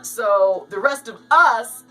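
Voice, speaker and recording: Chatty woman with a bright, off-mic voice. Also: on the high side, slow pace, distant mic, poor audio. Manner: chatty, animated, jokey asides. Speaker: news commentary vlogger. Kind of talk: casual news commentary. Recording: voice a bit off-mic, with light music behind.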